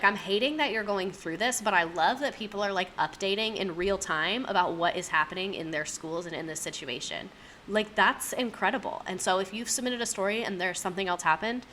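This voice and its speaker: A woman's voice: mid-range voice, bright, forceful tone, a little hiss or hum. A young woman reading out viewers' school stories in a chatty, rambling way with lots of asides. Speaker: host reading submitted stories. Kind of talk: casual commentary on reader stories.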